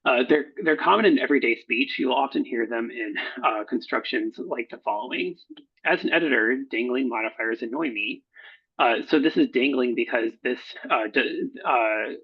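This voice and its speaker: A man who edits research proposals, talking through slides in a recorded workshop, halting often with fillers and self-corrections. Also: mid-range voice, creaky, breathy edge. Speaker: proposal editor. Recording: dull lo-fi recording.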